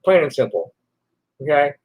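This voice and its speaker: A man in his sixties with a notably high voice delivers a furious, expletive-laden rant straight to camera. He talks combatively at his critics, muttering one moment and shouting the next. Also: sing-song, normal speed, slightly rough. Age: 60s. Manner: combative, swears constantly, flares into shouting. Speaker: vlogger answering online critics. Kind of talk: angry profane rant to camera.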